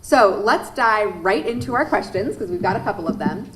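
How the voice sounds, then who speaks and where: A woman's voice: mid-range voice, expressive, normal speed, noisy background. A woman moderating a panel, reading author introductions and asking the first question. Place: event hall.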